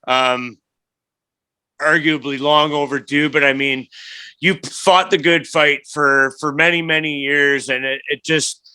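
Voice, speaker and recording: A man's voice: fairly high pitch, steady tone, a little slow, pushed and bright, smooth, no room sound. A man hosting a casual podcast interview, chatty and enthusiastic. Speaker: podcast host.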